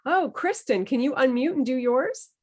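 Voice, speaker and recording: A woman's voice: sits high, animated, moderate pace, a little mellow. A woman leading an online voice workshop over a video call, playful and encouraging. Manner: playful, encouraging, demonstrates emotions with her voice. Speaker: workshop leader.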